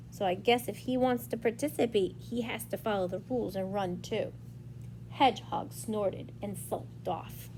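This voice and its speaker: A woman reading a picture book aloud to young children, explaining the story slowly in a sing-song manner. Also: mid-range voice, fairly even intonation, darkish tone, slight background noise.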